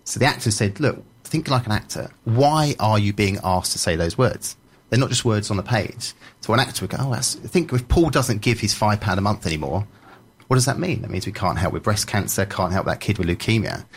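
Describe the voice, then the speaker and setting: A man's voice: on the low side, animated, fairly quick, husky. A man, a media trainer and journalist, telling anecdotes in a casual podcast chat with emphatic energy.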